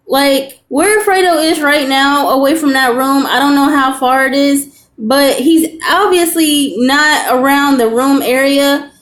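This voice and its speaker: A woman's voice: high voice, unhurried, few pauses, fairly bright tone. A young woman reacting to a video in casual, earnest commentary, repeating her points for emphasis.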